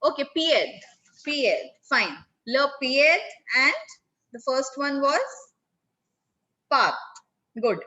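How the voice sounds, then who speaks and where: A woman's voice: high voice, very animated, very slow, pauses often, pushed and bright, dull audio. A woman teaching a French class over a video call, calling on students by name and repeating their answers.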